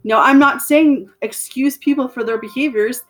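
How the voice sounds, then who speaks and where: A woman with a slightly hoarse voice giving a chatty, encouraging tarot reading to her viewers, repeating phrases for emphasis. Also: high voice, moderate pace. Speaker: tarot reader. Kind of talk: casual tarot reading to camera.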